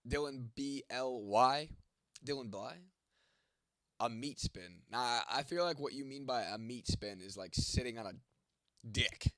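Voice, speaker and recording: A congested young man with a cold talks straight at his chat, blunt, teasing and swearing nonstop. His voice comes across bright and forceful. It sounds close and dry, with no room around it. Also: medium pitch, lively intonation, measured pace, pauses often, no echo. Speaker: livestream host answering chat. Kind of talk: casual profane chat.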